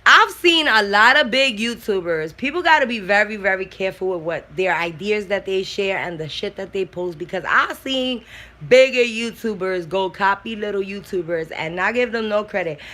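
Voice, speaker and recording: A woman's voice: medium pitch, normal speed, pushed and bright. A congested woman chatting on a livestream, blunt and slangy, swearing freely. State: congested from a cold. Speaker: YouTuber on a livestream. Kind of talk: casual livestream chat, reading comments.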